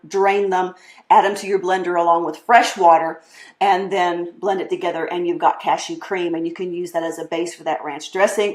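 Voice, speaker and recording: A woman's voice: lowish voice, darkish tone, reverberant. A woman hosting a casual live cooking demonstration, chatty and laughing often, with plenty of fillers as she works. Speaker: cooking show host.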